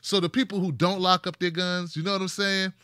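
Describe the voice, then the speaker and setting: This is a man hosting a casual commentary show, speaking. He is sarcastic and animated, full of rhetorical questions. His voice is bright and sits a little high, close and dry with no room around it. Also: a little fast, clear, resonant tone, no room sound. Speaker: host.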